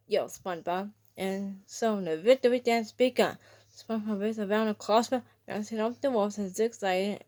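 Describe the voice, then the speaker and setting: A woman's voice: mid-range voice, moderate pace, a little mellow. A woman reading a fan-written story aloud, stumbling and restarting over words. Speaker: reader. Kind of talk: fan fiction read-aloud.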